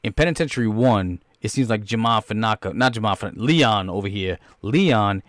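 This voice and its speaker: Excitable, profane podcast host. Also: male voice, fairly low pitch, brisk, dry recording, studio quality. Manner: excitable, rambling, profane, does voices. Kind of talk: casual movie trailer reaction.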